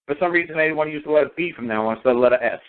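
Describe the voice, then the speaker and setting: A man's voice: a little high, racing, clean tone. A man speaking on a talk show, hammering his points with repeated rhetorical questions. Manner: emphatic, repetitive rhetorical questions. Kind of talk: phone talk show discussion. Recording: phone line.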